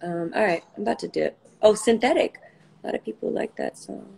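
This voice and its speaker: A woman's voice: mid-range voice, fairly quick, creaky, darkish tone, a little hiss or hum, low-quality recording. A woman, a singer hosting her own livestream, chatting casually and playfully between songs, swearing and laughing easily.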